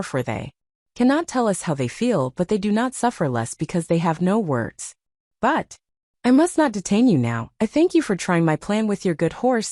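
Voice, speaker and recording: A woman voicing a kind, genteel lady who speaks gently and persuasively in a storybook reading. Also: medium pitch, no echo, studio quality.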